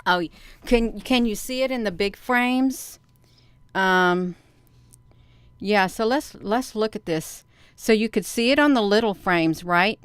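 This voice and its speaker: A woman talks straight to her viewers in a casual vlog. She sounds excited and a little out of breath, and she repeats herself often. Her smooth, clear voice sits at a middle pitch in a dry, close recording. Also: takes it slowly, dry recording. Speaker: video channel host.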